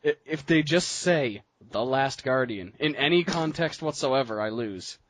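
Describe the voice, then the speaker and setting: A man's voice: mid-range voice, animated, a little slow, a bit bright, a little hiss or hum. A young man co-hosting a podcast on a headset, laid-back, laughing often and steering the talk back on topic. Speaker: podcast co-host. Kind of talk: casual chat.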